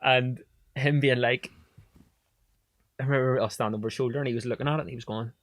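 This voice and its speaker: A man's voice: medium pitch, fairly even intonation, fast talker, a bit bright, dry recording. A young man from Ireland, an actor, talks casually as a podcast guest. His voice sits in the middle range and the recording is dry, with no room sound. He rambles through stories with plenty of fillers and the odd swear. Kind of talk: casual chat.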